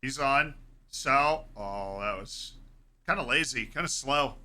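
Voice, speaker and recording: A young man streaming a live football watchalong, chatting casually and reacting excitedly to the play. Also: medium pitch, slow pace. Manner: chatty, excitable, yells at big plays.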